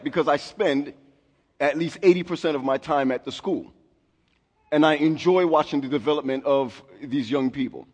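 A man's voice: on the high side, moderate pace, slightly rough. Pastor in his forties, reverberant church. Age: 40s. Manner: conversational, self-deprecating, with restarts. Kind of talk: sermon. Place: church sanctuary. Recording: long hall reverb.

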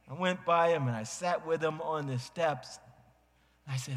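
A man preaching a sermon as a pastor, telling a family story dramatically and acting out voices with big swings in pitch. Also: unhurried, a bit bright. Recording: long hall reverb.

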